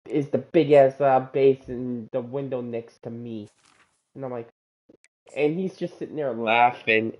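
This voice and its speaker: A man's voice: medium pitch, dull audio. A man in casual chat, telling a long story in rambling run-on sentences, restarting them and swearing casually.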